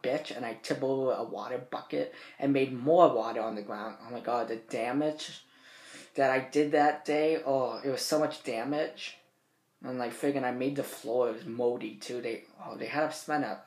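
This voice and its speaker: A young man of eighteen rambles through his stories, cursing freely and talking in an animated way. His voice sits in a middling range. It is recorded in a roomy bedroom with a noticeable echo. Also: medium pitch. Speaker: vlogger. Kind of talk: casual storytelling to camera.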